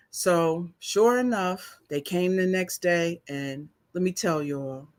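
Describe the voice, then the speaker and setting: Slow-talking teary New woman. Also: fairly low pitch. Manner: slow, chatty, emotional, laughs and cries while telling. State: teary, sniffling. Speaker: vlogger. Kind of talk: casual storytelling to viewers.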